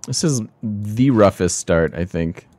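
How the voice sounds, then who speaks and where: A man's voice: on the low side, lively intonation, slow, a little mellow, no echo. A man streaming a strategy game, chatting casually and thinking aloud about his moves with self-deprecating remarks. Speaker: let's play streamer. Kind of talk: casual gameplay commentary.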